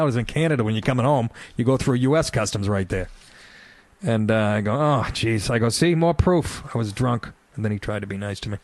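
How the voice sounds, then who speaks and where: A man's voice: mid-range voice, dry recording. A man hosting a radio show, ranting sarcastically with lots of swearing and mocking asides. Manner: sarcastic, swears a lot, jumps between mock voices. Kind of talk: profane comedic radio rant.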